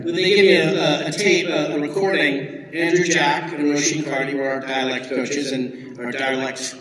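A man's voice: a little high, fairly even intonation, normal speed. A man on a convention panel, telling stories in a jokey way and laughing often. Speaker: actor panelist. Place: large indoor convention hall. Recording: echoey hall from far off with crowd.

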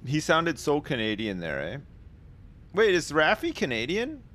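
A man's voice: fairly high pitch, wildly swooping pitch, normal speed, fairly bright tone, slight background noise. Sarcastic British man streaming a game. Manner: sweary, sarcastic banter with chat. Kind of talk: casual live game commentary.

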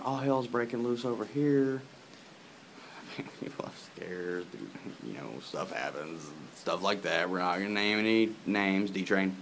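A man in a loose, rambling vlog rant, swearing freely and laughing between tangents. His fairly low voice jumps all over the place in pitch. Faint rain ambience hangs behind him outdoors. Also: a little hiss or hum. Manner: profane, laughing, digressing. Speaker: vlogger. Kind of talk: rambling casual rant to camera.

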